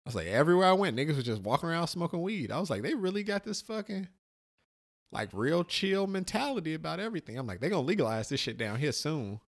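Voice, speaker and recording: With a slightly high voice and a quick pace, a middle-aged podcast co-host swears his way through a relaxed account of his trip. He's an animated storyteller who acts out everyone's lines.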